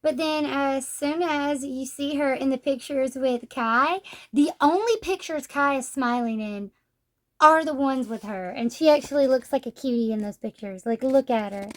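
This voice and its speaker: A woman's voice: high-pitched, moderate pace. A young woman chatting casually through a manga review, filling her talk with "like". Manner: chatty, says "like" often.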